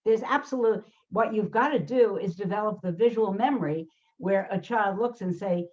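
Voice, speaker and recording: Speaking at a moderate pace with few pauses, the older woman has a medium-pitched, slightly mellow voice as she hosts a conversation in her role as a learning specialist. She's emphatic, imitates the voices she quotes and leans on fillers and restarts; the recording is dull and lo-fi.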